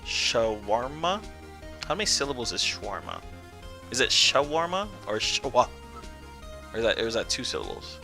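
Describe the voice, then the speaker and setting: A young man chats casually while streaming a game, rambling and joking. His pitch is lively and animated, and game music plays behind him. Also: very fast, gravelly. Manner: rambling, jokey, lots of "dude" and "like".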